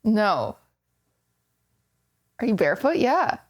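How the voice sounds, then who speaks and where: A woman's voice: medium pitch, big pitch swings, takes it slowly. A woman streaming from home, chatting casually and pointing self-deprecating jokes at her chat while she moves around her kitchen.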